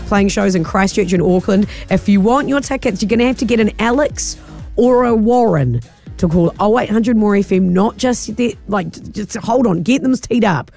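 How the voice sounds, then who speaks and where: A woman's voice: medium pitch, a little fast, gravelly, a little mellow. A woman with a New Zealand accent hosts a radio show from the studio, teasing her co-host and laughing often. Light music runs faintly under her voice. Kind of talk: breakfast radio chat.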